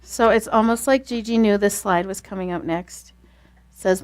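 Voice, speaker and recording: A woman leading a class on marriage communication, talking fast and telling stories in a lively, casual way. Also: mid-range voice. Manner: fast-talking, animated storytelling.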